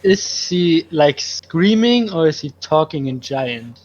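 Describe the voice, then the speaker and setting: A man's voice: a little high, lively intonation, a little mellow. A man playing in a tabletop game, chatting casually and joking. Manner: joking, slow-spoken. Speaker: player. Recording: dull lo-fi audio.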